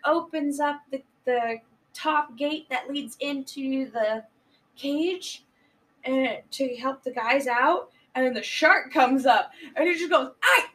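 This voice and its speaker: A woman's voice: high-pitched, a bit bright, recorded from a distance, poor audio. A woman chatting casually on a podcast, rambling through a movie plot and swearing freely. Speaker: podcast co-host. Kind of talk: casual chat recapping a movie.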